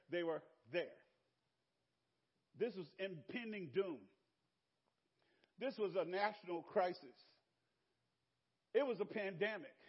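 An older Southern American pastor preaching with a high voice. He tells stories with laughter, swinging between booming lines and hushed ones. The audio is dull and lo-fi. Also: husky. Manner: storytelling with laughter and sweeping shifts in loudness. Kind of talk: sermon.

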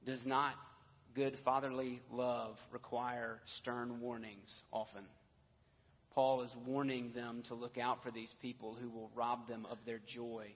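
A man's voice: mid-range voice, little pitch movement, a little slow. A man preaching a sermon as pastor, earnest, with casual asides and restarts. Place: church sanctuary. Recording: dull, echoey church hall audio.

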